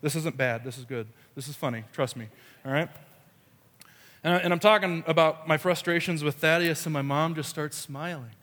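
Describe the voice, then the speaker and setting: A man's voice: fairly high pitch, moderate pace, a bit bright, in a large hall. A man preaching a sermon, telling a family story with playful quoted voices. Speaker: pastor.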